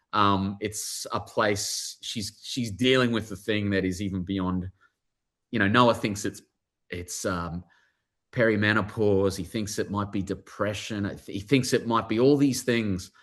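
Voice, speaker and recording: A man with an Australian accent, an author speaking warmly and excitedly in a live online interview, with many restarts and fillers. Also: fairly low pitch, a little slow. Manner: animated, effusive, lots of restarts and fillers. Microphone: video call.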